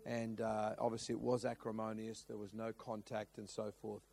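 A man's voice: lowish voice, monotone, normal speed, creaky, darkish tone, soft background music. A middle-aged man preaching a sermon, telling a story with lots of restarts and acted-out quotes. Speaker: pastor.

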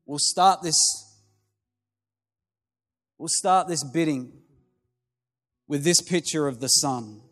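A man voicing a persistent male auctioneer who keeps calling for bids in a measured, insistent way. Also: a little high. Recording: long hall reverb with soft music.

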